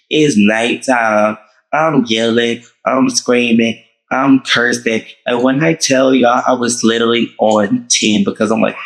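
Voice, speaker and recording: A man hosting his own show, telling a dramatic personal story to his viewers in a casual, animated way. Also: on the low side, poor audio. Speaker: host.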